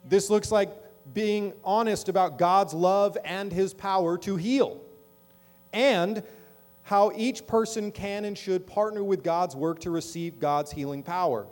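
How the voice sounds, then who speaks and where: In a church sanctuary, a middle-aged pastor delivers a sermon in a voice that sits high and sounds a little mellow. He speaks conversationally and checks in with the congregation often.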